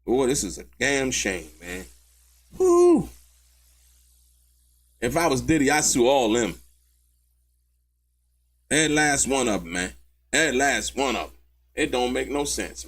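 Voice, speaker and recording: Animated, gravelly-voiced male commentary host. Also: medium pitch. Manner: animated, mocking, laughs often, slangy. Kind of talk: live commentary on court testimony.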